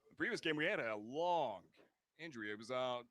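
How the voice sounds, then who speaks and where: A man hosting a live high school football stream, giving measured color commentary with many fillers. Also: animated, a bit bright, no echo, clean studio sound. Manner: measured, filler-heavy analysis.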